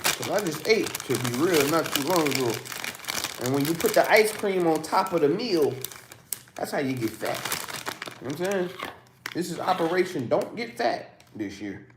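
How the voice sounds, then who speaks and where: A man's voice: a little high, big pitch swings, normal speed, background noise. A man ranting casually to his livestream chat in a rambling, profane, preachy way. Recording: roomy echo.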